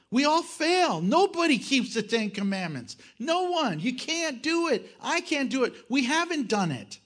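A pastor delivers a sermon with real animation, his fairly high voice leaping up and dropping low. He acts out quoted speakers as he preaches, moving from loud bursts to quiet asides. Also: slightly rough.

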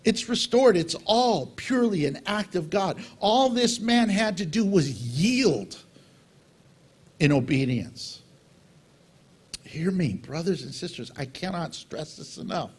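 A middle-aged man preaching a sermon as pastor, animated and acting out little dialogues with God. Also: high voice, unhurried, breathy edge.

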